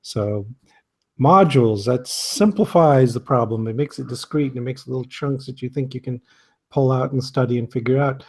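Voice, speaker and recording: A man's voice: medium pitch, normal speed, slightly rough. A man, a biologist, talking emphatically and critically in a video call conversation. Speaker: blogger and biologist.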